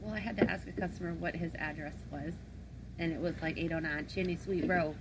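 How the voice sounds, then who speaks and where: A woman's voice: lowish voice, fairly even intonation, a little fast, background noise. A woman co-hosting a podcast, chatting casually with a teasing edge. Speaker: podcast co-host. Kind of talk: casual chat.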